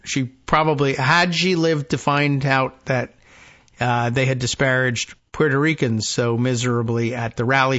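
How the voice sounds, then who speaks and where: A man hosting a political podcast reads the news aloud, adding dry, wry asides and trailing off with "I don't know." His voice is slightly high and a bit bright, and the lo-fi audio sounds slightly dull.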